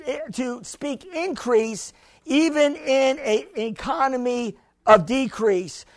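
A man with a very high voice delivers an emphatic sermon, urging and questioning his listeners. The sound is dry and close, with no room around it. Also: fairly bright tone, no room sound. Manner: preachy, emphatic, call-and-response. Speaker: pastor.

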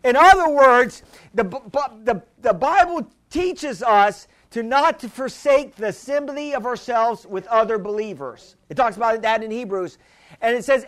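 A man with a very high voice delivers a fervent sermon. He repeats key phrases and calls out to the congregation for a response. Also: expressive, moderate pace, a bit bright. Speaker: preacher.

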